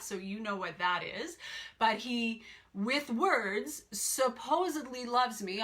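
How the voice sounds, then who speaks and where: A woman in her forties speaks slowly to her viewers as a life coach. Her voice is bright and forceful, and she leans on her words by saying them twice. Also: medium pitch. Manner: emphatic, repeats phrases for weight. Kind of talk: personal story to viewers.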